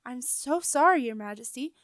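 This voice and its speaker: A woman's voice: sits high, animated, moderate pace, fairly bright tone, dry recording. Woman doing a fussy old male rat clerk. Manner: flustered, apologetic, stammering.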